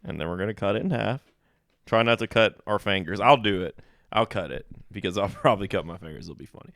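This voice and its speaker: A young man co-hosting a casual comedy podcast, teasing his partner with quick deadpan jokes. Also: on the low side, creaky, no echo, studio quality. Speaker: podcast co-host.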